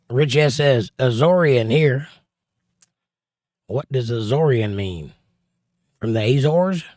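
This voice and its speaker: A man's voice: mid-range voice, lively intonation, takes it slowly, long pauses, darkish tone, dry recording, clean studio sound. Wry man reading chat on a stream. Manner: wry, teasing chat banter. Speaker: livestream host reading chat. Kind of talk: casual live-stream chat.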